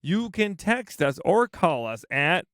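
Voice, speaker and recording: A man's voice: sits high, sing-song, slow pace, fairly bright tone, dry recording, studio quality. A man hosting a podcast, chatting in a playful, jokey way. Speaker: podcast host. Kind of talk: casual podcast chat.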